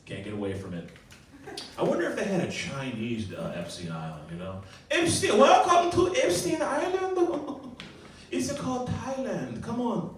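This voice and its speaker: A man in his forties doing a profane, brash stand-up set at an open mic. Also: mid-range voice. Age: 40s. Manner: brash, profane, lively, laughs at his own jokes. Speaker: stand-up comedian. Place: small comedy venue. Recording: echoey room, mic heard from far off.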